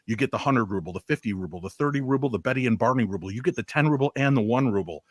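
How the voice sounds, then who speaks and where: Deadpan man in a dry room. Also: mid-range voice, rapid-fire, husky, dry recording. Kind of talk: casual chat, storytelling.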